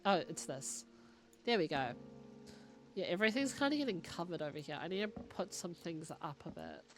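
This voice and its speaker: A young adult woman live-streaming a puzzle game, chatting excitedly, thinking aloud and reading on-screen text. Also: fairly low pitch, normal speed, over music. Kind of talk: casual live-stream chat while playing a puzzle game.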